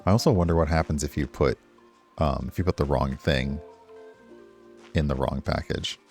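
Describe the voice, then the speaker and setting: Deep-voiced man chatting while streaming a game. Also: normal speed, vocal fry, a little mellow, soft background music. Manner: rambling, chatty, talks to chat. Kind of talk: casual gameplay commentary.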